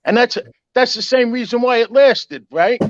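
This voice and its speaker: A man's voice: very high-pitched, moderate pace, no room sound, dull audio. An older man chatting casually as a guest, nostalgic and rambling, often calling people "man.". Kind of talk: casual chat.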